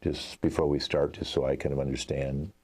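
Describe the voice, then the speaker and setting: A man's voice: a bass voice, flat delivery, brisk, a little mellow, breathy edge. A man hosting a live improv show, playing an exasperated commercial director who talks at length with many fillers. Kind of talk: improv comedy scene.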